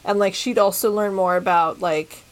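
This is a woman co-hosting a relaxed chat about a book, at a mid-range pitch. She talks in a loose, chatty way, stringing her thoughts together with lots of filler words. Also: normal speed. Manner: chatty, many filler likes. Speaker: podcast co-host. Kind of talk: casual book discussion.

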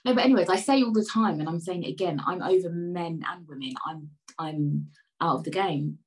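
A woman talks casually to camera while sipping tea, her voice sitting on the low side. She rambles from one thought to the next. She swings from loud, excited outbursts to quiet, muttered asides. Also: brisk, rough recording. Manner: sips tea while talking. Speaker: vlogger.

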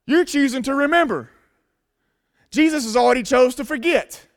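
Man, pastor, high voice, emphatic casual preaching, sermon. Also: moderate pace.

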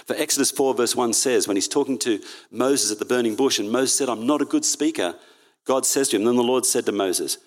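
With a medium-pitched voice and a fairly quick delivery, a man gives an earnest sermon in church. He reads scripture aloud and keeps correcting himself along the way.

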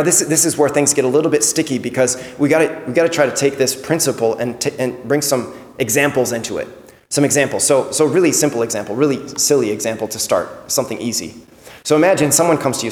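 A man's voice: medium pitch, darkish tone. A man giving a Sunday homily in an earnest, conversational way, often repeating words as he restarts a thought. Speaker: priest. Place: church. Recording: echoey church with long reverb.

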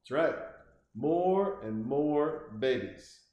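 A man's voice: fairly high pitch, animated, extremely slow, lo-fi sound. A man hosting a casual comic monologue, rambling and swearing with frequent restarts. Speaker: host. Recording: very echoey room.

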